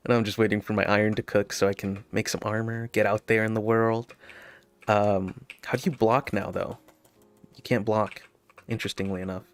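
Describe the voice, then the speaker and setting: In a lowish, flat voice with frequent pauses and a moderate pace, a gaming video host tells a story as he plays. He rambles with plenty of fillers and nervous laughs, and there's no room sound.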